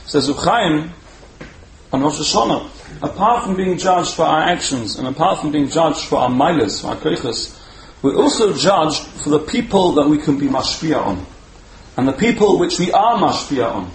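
A man giving a storytelling sermon as a Torah speaker, animated and repeating words for emphasis. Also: a little high, normal speed. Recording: roomy echo, faint background hum.

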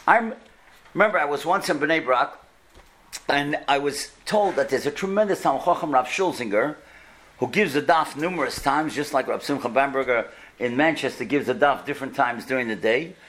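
A man's voice: medium pitch, normal speed, a bit bright. A man giving a sermon, telling stories and building earnestly to emphatic points and rhetorical questions. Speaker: religious speaker. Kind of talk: sermon with storytelling.

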